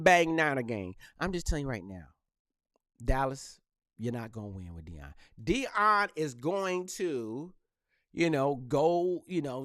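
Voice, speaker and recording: Animated man ranting on his podcast. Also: fairly high pitch, gravelly, dry recording, studio quality. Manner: animated, joking trash talk with frequent laughs. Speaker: podcast host. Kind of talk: casual solo podcast rant.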